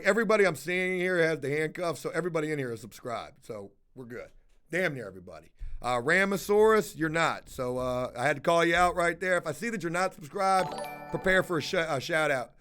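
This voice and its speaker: High-voiced, cussing male streamer. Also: brisk, clear, resonant tone. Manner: profane and animated, calling out viewers in the chat. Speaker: live streamer. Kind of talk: casual live-stream storytelling.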